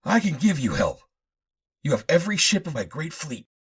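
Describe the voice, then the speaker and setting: A man playing a pleading noble, raised voice, husky. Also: a little high, sing-song, moderate pace, fairly bright tone, pitched above the performer's own voice, heavily acted.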